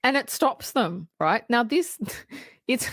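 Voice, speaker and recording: A woman's voice: fairly high pitch, sing-song, takes it slowly, dry recording, studio quality. A woman co-hosting a podcast, retelling a film scene by scene in casual chat, swearing and laughing often. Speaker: podcast co-host.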